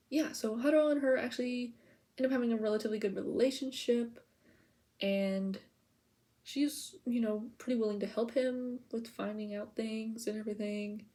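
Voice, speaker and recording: A woman's voice: on the high side, steady tone, moderate pace, mellow. A woman vlogger chatting casually to the camera, rambling and giggly, full of "like" and "okay?" as she info-dumps. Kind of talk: casual POV chat to camera.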